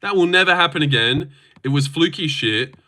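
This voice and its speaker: A man's voice: on the high side, animated, moderate pace, sharp tone. A man streaming live, answering chat in a blunt, opinionated, casual way and swearing often, while putting on a fake voice. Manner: says he is using a fake voice.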